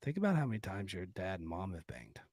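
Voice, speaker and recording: A man with a slightly husky voice rambles through crude jokes and show plugs as a podcast co-host. His delivery is loose and joking, full of fillers and restarts. The sound is dry and close to the mic. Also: sits low, big pitch swings, quick pace, a little mellow, no echo. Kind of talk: crude comedic podcast banter.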